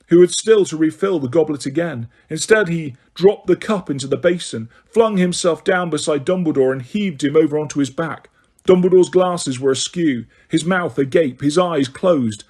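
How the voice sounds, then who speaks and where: A man narrating an audiobook in a steady, measured way. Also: on the high side.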